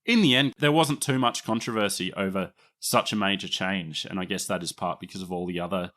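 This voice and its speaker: An Australian man with a fairly low voice hosts a casual history podcast. He explains things at length in a chatty, good-humoured way and laughs easily. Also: brisk, a bit bright. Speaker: podcast host.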